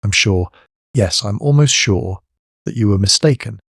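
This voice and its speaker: A shrewd middle-aged police superintendent, measured and quietly firm, as a male narrator reads him. His low voice stays even and dry in a close storybook reading. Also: no echo. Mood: steady.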